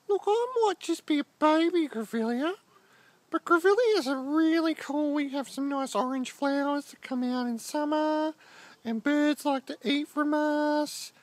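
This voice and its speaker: A woman's voice: high voice, measured pace, dry recording. A woman voicing a small, cheerful baby grevillea shrub, talking earnestly and childlike.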